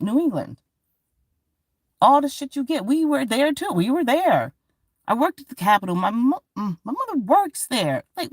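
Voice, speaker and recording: A woman from Georgia, talking in a rambling, profane, animated monologue as a vlogger. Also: fairly low pitch, dry recording, clean studio sound. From Georgia, USA. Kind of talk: casual monologue to camera.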